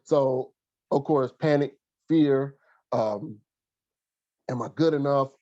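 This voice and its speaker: A man recalling his past in an interview, earnest and halting, pausing often with fillers and restarts. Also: mid-range voice, warm tone, no room sound, highs cut off. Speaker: guest, former college athlete and coach. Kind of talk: reflective interview storytelling.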